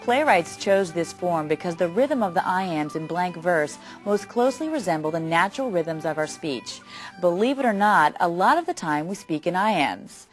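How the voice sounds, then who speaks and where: A woman giving a clear, scripted educational narration. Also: on the low side, lively intonation, moderate pace, soft background music. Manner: clear, explanatory.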